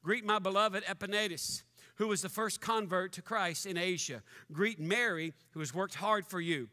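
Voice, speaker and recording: A male pastor with a high, bright voice delivers a joking, conversational sermon. His words ring out with a long reverb through the church hall. He talks straight to the congregation, often with a wry aside. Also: moderate pace. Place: church sanctuary.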